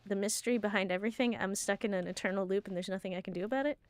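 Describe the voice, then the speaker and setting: Female streamer with excitable, giggly game commentary at a mid-range pitch. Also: rapid-fire, dry recording.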